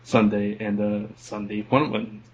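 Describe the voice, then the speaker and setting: A man's voice: fairly low pitch, little pitch movement, a little slow, lo-fi sound. A man co-hosting a casual podcast, who laughs a lot and keeps wandering off into side stories. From lives in Kentucky, not born there. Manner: laughs often, rambles off on sidetracks. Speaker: podcast co-host. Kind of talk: casual chat.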